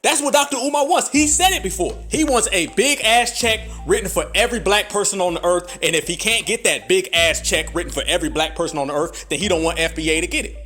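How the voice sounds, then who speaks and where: A man from the United States with a notably high voice delivers a fiery, profane monologue, preaching at his listeners with one rhetorical question after another. Soft music plays faintly under his talk. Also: quick pace, few pauses. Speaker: podcast host. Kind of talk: heated political commentary.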